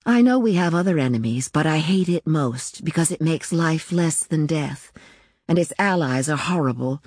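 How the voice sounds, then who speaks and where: A woman's voice: sits low, animated, normal speed, a little mellow, slightly rough, dry recording, clean studio sound. A woman voicing a timid, earnest baroness. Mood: passionate. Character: gentle timid aristocratic mother, intense.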